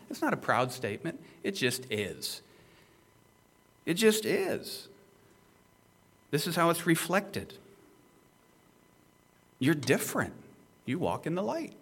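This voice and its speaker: A male pastor with a mid-range voice delivers an expository sermon. He is emphatic yet conversational and keeps putting rhetorical questions to his listeners.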